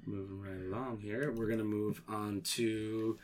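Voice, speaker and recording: A man's voice: fairly low pitch, measured pace. Chatty man co-hosting a film podcast. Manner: relaxed, chatty, mimics actors' lines. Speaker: podcast co-host. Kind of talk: casual chat about film awards.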